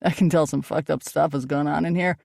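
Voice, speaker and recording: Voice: medium pitch, steady tone, a little fast, vocal fry, a little mellow, no room sound, studio quality. An audiobook narrator voicing a wary young man who speaks bluntly.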